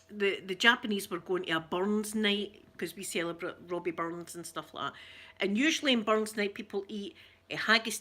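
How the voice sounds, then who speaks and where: A woman's voice: mid-range voice, bright, forceful tone. A woman with a Scottish accent hosting a casual live chat with viewers, telling stories and laughing often. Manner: chatty storyteller who laughs often. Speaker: livestream host.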